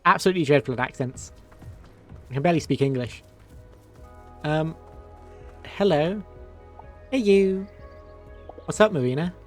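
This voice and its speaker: A man's voice: a little high, a little slow, long pauses, faint music behind. A male streamer chatting casually while playing a video game, laughing often. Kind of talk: game commentary.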